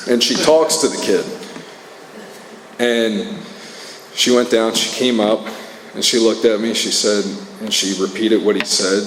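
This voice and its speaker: A man's voice: lowish voice, echoey room, long reverb tail, slight background noise, poor audio. A man in his thirties giving a personal recovery testimony at a meeting, talking in an earnest, conversational way with many fillers and restarts. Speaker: recovery speaker. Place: meeting hall.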